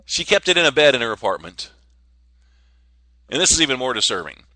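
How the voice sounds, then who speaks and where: A man's voice: medium pitch, sing-song, fairly quick, bright, forceful tone, no room sound. A man hosting a casual solo podcast, rambling and joking with frequent stammers and restarts. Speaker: podcast host.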